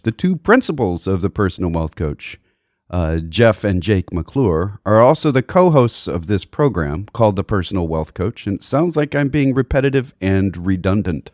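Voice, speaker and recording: A man's voice: low-pitched, darkish tone, dry recording, studio quality. A young man co-hosting a finance radio show, joking and rambling with lots of ums. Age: young adult. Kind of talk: comedic finance radio chat.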